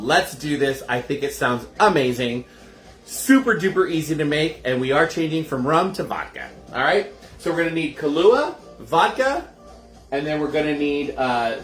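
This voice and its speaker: Guy doing a chatty home cocktail stream, kinda high voice, echoey room, faint music behind. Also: a bit bright. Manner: chatty, talks straight to viewers. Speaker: home cocktail show host. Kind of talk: casual live cocktail demo. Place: indoors at home.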